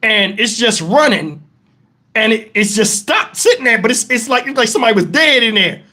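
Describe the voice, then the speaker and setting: A man telling a profane, animated story on his livestream, acting out the voices in it. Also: very high-pitched, moderate pace. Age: adult, twenties long past. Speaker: livestream host.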